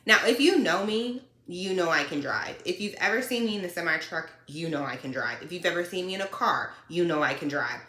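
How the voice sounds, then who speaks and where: A woman truck driver telling a story in a casual, animated and sassy way. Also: fairly low pitch, brisk, few pauses. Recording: roomy echo.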